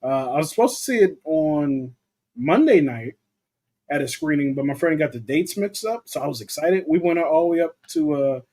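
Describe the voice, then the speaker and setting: A young man co-hosting a loose, casual livestream on movies reads out comments from his viewers. He sounds animated, with a voice on the high side, a darkish tone, and a normal pace.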